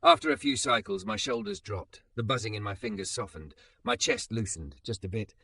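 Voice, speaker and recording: A man narrating a first-person story with an expressive, emotional delivery. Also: mid-range voice, brisk, creaky, no echo.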